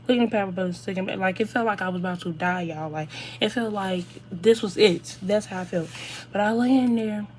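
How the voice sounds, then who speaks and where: An eighteen-year-old woman, telling a casual storytime to viewers in an animated, chatty way. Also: mid-range voice, brisk, slight background noise. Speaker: vlogger.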